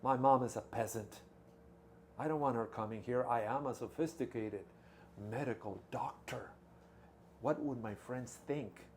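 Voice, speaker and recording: A man's voice: medium pitch, unhurried, darkish tone, a little hiss or hum, pitched below the performer's own voice, close to an everyday voice. A man voicing an ashamed, snobbish young medical student thinking to himself. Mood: scornful. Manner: scornful inner monologue.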